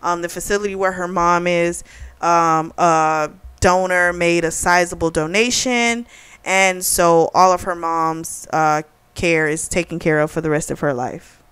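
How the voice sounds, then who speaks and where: A woman's voice: fairly low pitch, fairly even intonation, measured pace, fairly bright tone, clean tone, no echo. A woman hosting a casual book review, retelling the plot in a chatty way with lots of "like" and "you know.".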